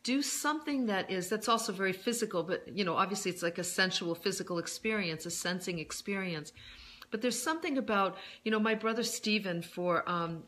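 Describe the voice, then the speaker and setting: A woman author talking through self-soothing advice in a casual, gentle monologue, pausing often with fillers and restarts. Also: lowish voice. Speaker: self-help author and speaker.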